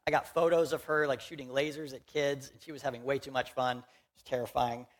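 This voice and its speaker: A man's voice: mid-range voice, flat delivery, fast talker. A young man from Houston, Texas, giving a conversational, joking sermon as a pastor in a church and talking directly to the congregation.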